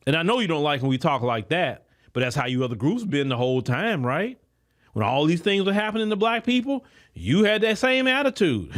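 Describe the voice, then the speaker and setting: Male podcast host, high and very animated, preachy commentary aimed right at the audience. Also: brisk. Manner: preachy, emphatic, addresses listeners directly; colloquial, many repeated words. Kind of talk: political commentary monologue.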